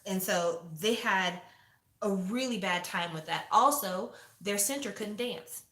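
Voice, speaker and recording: A woman in her forties chatting casually to viewers, opinionated and lively, acting out quotes as she reviews a show. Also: medium pitch, a little slow. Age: 40s. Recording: echoey room.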